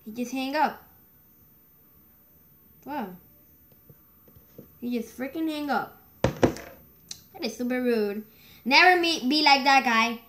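Slow, high-voiced woman chatting while gaming. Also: background noise. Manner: chatty, easily exasperated, talks to herself. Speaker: gaming video creator. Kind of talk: casual running commentary while gaming. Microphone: phone microphone.

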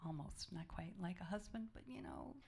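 A woman jazz singer in relaxed, chatty stage banter between songs at a small club, speaking softly with easy fillers and asides. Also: lowish voice, normal speed, creaky, a little hiss or hum. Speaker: jazz vocalist leading a band. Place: small live music club, indoors. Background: jazz band instruments.

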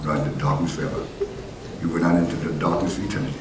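A man preaching a sermon as pastor, swinging between loud exhortation and low, conversational asides. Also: very fast. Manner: animated preaching, rising to loud exhortation then dropping low. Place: church sanctuary. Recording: echoey church heard from a distance with noise.

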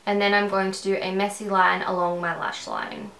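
A chatty Australian woman rambling through a makeup tutorial at home. Her voice has a gravelly, fry-tinged edge, and the room around her sounds echoey. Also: medium pitch, little pitch movement, moderate pace, a bit bright. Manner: rambling, conversational. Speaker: beauty vlogger.

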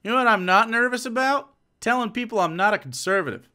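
A man's voice: extremely high pitch, lively intonation, fast, bright, forceful tone. A man streaming live, reacting to a clip in a sarcastic, profane rant.

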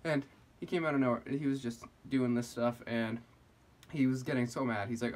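A man's voice: mid-range voice, fairly even intonation, moderate pace. A young man telling a casual story on his vlog, rambling with lots of fillers. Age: young adult. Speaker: vlogger.

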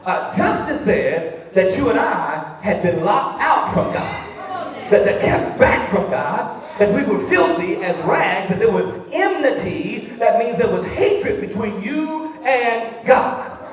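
A man preaching a sermon as a pastor, shifting between loud exclamations and soft, conversational asides. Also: sits high, big pitch swings, a little slow, crowd noise. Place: large church sanctuary. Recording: very echoey hall, voice heard from a distance.

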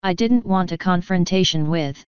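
A woman voicing an earnest, studious young female pony who leads her friends, in her own low, clear reading voice. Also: normal speed, darkish tone, dry recording, lightly acted. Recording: dull lo-fi dry recording.

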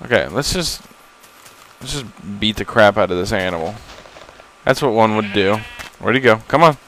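A young man with a lowish, animated, fairly bright voice rambles casually at a moderate pace while playing a game for the first time on a laptop setup. He's self-deprecating, jumpy, and swears when surprised, and the low-quality audio has a bit of hiss or hum.

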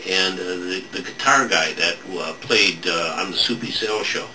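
A man hosting a casual studio chat, rambling and halting as he searches for names. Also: low voice, sharp tone. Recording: distant mic with background noise.

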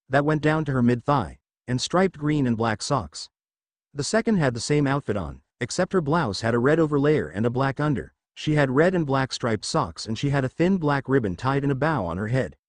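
A man narrating a fan fiction story in an expressive storytelling manner. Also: medium pitch, no echo.

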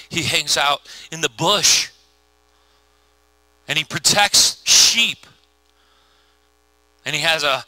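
A middle-aged pastor with a fairly high voice and a very bright, forceful edge. He tells the story in an animated, slangy way, putting on quick voices for each character. The sound is close and dry. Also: no room sound, rough recording. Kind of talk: casual conversational sermon.

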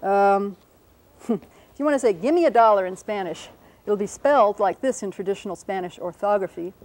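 A woman's voice: medium pitch, moderate pace, a little mellow, poor audio. A woman teaching a linguistics lesson at a whiteboard, patiently sounding out example words and correcting her own slips as she goes. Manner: self-correcting, apologizes for slips. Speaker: linguistics lecturer. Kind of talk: explanatory classroom lesson at a whiteboard.

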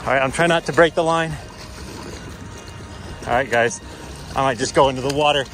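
A man's voice: mid-range voice, normal speed, a bit bright, a little hiss or hum. A middle-aged man filming a casual outdoor vlog by a river, cheerfully coaching a child through fishing, recorded on a handheld camera. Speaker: vlogger. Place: outdoors by a river in cold weather.

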